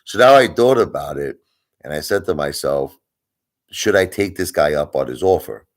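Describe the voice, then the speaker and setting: A man hosting a live stream, telling a story in a casual, animated way, with plenty of swearing and repetition for emphasis. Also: very deep voice, normal speed. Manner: animated, profane, repeats himself for emphasis. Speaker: livestream host.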